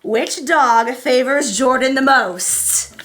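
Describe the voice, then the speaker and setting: A woman hosting a casual couple Q&A chat, animated and quick to act out her stories. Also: sits high. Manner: animated, acts out voices and stories. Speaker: host.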